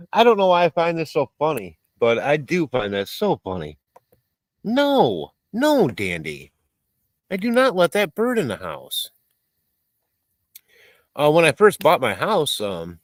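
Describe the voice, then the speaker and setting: A man's voice: fairly low pitch, fairly bright tone, no room sound. A middle-aged man chatting casually on a live stream while he cooks, reading viewer comments aloud and laughing often.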